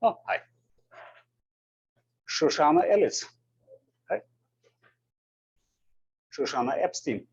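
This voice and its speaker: His voice is a little high, a little mellow, and slightly rough, carrying an Austrian German accent. This university lecturer calls the roll and takes questions in a hesitant, apologetic way, often repeating words, captured on a dull lo-fi classroom recording.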